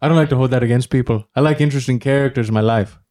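A man on a comedy podcast doing an impression of a famous older male comedian, delivering flippant, deadpan jokes in character. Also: mid-range voice, rapid-fire, natural voice.

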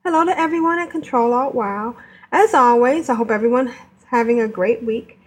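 A woman hosting a gaming podcast, bubbly and giggly, reacting quickly to her co-hosts. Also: on the high side, breathy edge. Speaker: podcast host. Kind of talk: casual podcast chat.

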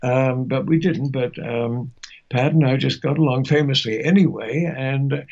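An older man, a veteran actor, telling stories of his career in an unhurried, gentle way with soft laughs. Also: medium pitch, vocal fry, muffled recording. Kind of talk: reminiscing interview.

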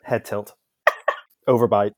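A man's voice: lowish voice, flat delivery, takes it slowly, fairly bright tone, no echo, studio quality. A man co-hosting a chat, talking in a playful, joking way. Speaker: podcast co-host. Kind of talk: casual chat.

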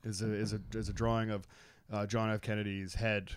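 Low-voiced rambling male podcast host. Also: flat delivery, brisk, clean tone, no room sound. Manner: rambling, filler-heavy, joking with profanity. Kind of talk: casual chat.

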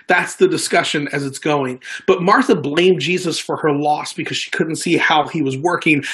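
A man's voice: fairly high pitch, fairly bright tone. A man preaching a sermon in a conversational way, stumbling into restarts and acting out quoted lines. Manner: conversational preaching, frequent restarts and repeated words. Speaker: pastor.

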